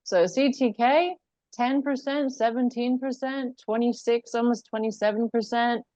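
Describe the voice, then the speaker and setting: A woman gives a brisk, upbeat rundown of the week's results on a casual livestream. Her voice comes through dull and lo-fi, with a dry, close sound and no room around it. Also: on the high side, fairly even intonation, mellow, no echo. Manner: brisk and upbeat, listing figures. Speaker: co-host presenting weekly results.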